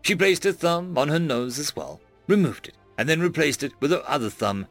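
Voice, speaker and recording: A man's voice: fairly high pitch, sing-song, moderate pace, fairly bright tone, faint music behind. A man narrating a science fiction story in an audiobook style.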